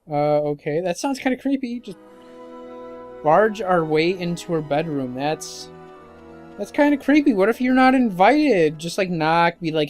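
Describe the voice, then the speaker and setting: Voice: medium pitch, sing-song, measured pace, darkish tone. Gamer making snarky jokes over a playthrough, game music faint in the back. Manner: joking, sarcastic asides. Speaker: let's-play commentator. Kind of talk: casual gameplay commentary.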